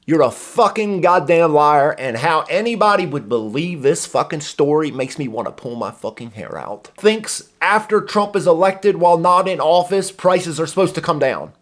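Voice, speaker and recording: A man's voice: a little high, lively intonation, normal speed, hardly any pauses, fairly bright tone. A man hosting a reaction commentary, ranting in a profane, exasperated way. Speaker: commentary host. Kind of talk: heated reaction rant.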